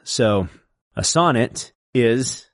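A man co-hosting a podcast, explaining poetic meter in a lecturing way and reciting lines slowly to show the stresses. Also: medium pitch, animated, no echo, studio quality. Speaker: podcast co-host explaining poetry. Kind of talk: casual explanatory chat.

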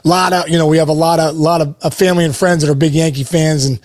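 An excited man in his forties speaks in a casual interview with a slightly raised pitch. His talk rambles with restarts and fillers, but his enthusiasm carries it. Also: fast. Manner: rambling, many restarts and "you know" fillers; enthusiastic, emotional. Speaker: interview guest, baseball hitting coach.

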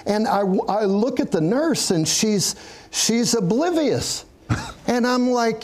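A man's voice: very high voice, expressive, takes it slowly, slight background noise. A man, a pastor, giving an earnest personal testimony in an interview, chuckling now and then as he tells it. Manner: earnest storytelling, chuckling as he speaks.

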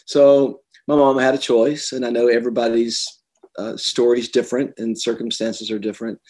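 A middle-aged man, an author being interviewed, telling personal stories earnestly and getting animated when he quotes others. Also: medium pitch, normal speed. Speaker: author and guest. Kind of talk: conversational interview.

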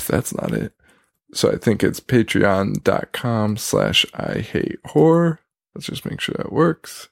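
A low-voiced man with a gravelly, creaky edge, keeping his voice half-quiet as he rambles through a casual solo podcast. He laughs at himself and leans on fillers. The sound is close and dry. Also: no echo. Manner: rambling, self-deprecating, quick with fillers. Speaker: podcast host.

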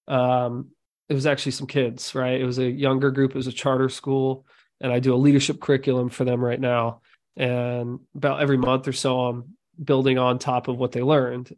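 Brief: male host, mid-pitched, encouraging, speaks like a leadership speaker. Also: a little mellow. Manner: affirming, quick to agree, then shares his own leadership stories. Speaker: podcast host. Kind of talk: casual podcast conversation.

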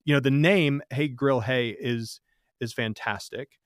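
A man hosting an interview, talking in a loose, rambling way and growing animated when he jokes. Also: medium pitch, a little slow, no echo, clean studio sound. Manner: rambling, with many fillers and restarts, animated when joking. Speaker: podcast host. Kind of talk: casual interview conversation.

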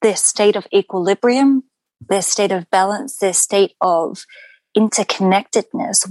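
Slow, even-toned woman guest. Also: mid-range voice, no echo, rough recording. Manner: slow, measured and flowing, with long chains of phrases and some ums. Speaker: podcast guest. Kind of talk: spiritual teaching in an interview.

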